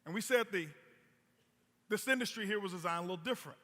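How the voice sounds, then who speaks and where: This man's stage talk as a motivational speaker is story-driven and emphatic, with repeated words. A long hall reverb surrounds his high-pitched, fast, fairly bright voice.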